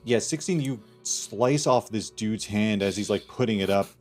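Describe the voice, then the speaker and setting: Male game master, low-pitched, relaxed and rambling, faint music bed. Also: moderate pace. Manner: relaxed, laughing, filler-heavy narration. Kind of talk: running a tabletop game online.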